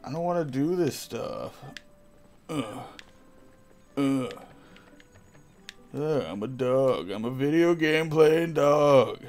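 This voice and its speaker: A crude, cat-hating talking dog, played by a man streaming a game rants and grumbles in a middling voice. He talks slowly and drags out his complaints. Every so often he breaks into barks and yells. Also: mid-range voice, lively intonation, faint music behind. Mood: grumbling. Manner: crude, ranting, growls and barks, bursts of yelling. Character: gruff cat-hating talking dog, adult male, easily angered. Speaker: streamer playing a character. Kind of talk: in-character live game stream.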